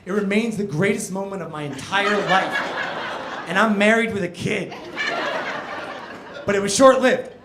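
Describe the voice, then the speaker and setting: A man around forty from New Jersey doing a stand-up comedy set on a club stage, an animated storyteller who leaps to loud punchlines. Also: sits high, normal speed, pauses often. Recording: roomy club sound with noise.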